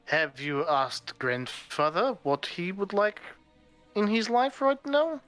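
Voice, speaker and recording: A man playing an earnest, bright-voiced young man. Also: sits high, sing-song, slow pace, clean tone, faint music behind, pitched above the performer's own voice, heavily acted. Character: earnest young man defying his family.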